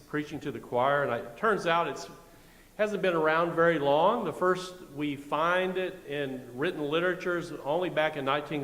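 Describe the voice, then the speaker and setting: A man's voice: fairly high pitch, fairly bright tone. A middle-aged man with a Midwestern American accent, preaching a sermon in a conversational, wry way, with asides to the congregation. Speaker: pastor. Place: church sanctuary. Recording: echoey church with long reverb.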